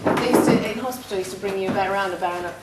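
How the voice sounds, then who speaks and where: A middle-aged English woman telling stories in casual, animated chat with other housemates. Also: medium pitch, fast talker, heavy background noise. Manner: chatty, animated storytelling. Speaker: reality show housemate. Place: shared house kitchen, indoors. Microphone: distant room mics. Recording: echoey room, loud kitchen clatter. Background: clattering dishes and cutlery.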